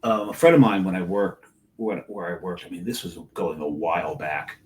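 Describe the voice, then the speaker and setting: A man's voice: deep voice, normal speed. A middle-aged man co-hosting a casual podcast, telling a story with frequent laughs. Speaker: co-host.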